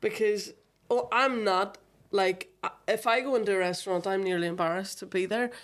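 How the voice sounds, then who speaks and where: A woman's voice: mid-range voice, fairly even intonation, moderate pace. A woman chatting casually on a podcast, self-deprecating and talkative.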